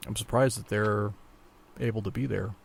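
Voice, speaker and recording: A man's voice: on the low side, fairly even intonation, moderate pace, creaky, husky. A man co-hosting a podcast in casual chat, laid-back and profane, often restarting his sentences. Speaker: podcast co-host.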